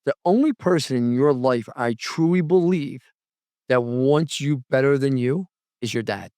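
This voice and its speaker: A male podcast host with a mid-range voice tells animated stories, leaping up in pitch when he acts out quotes. The sound is close and dry, with no room around it. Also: measured pace, no room sound. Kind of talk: casual podcast conversation.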